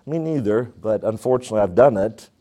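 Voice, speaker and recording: A man preaching a sermon to his congregation, calling out to them for answers and swinging between low, intoned lines and high, excited ones. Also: fast talker. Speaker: pastor.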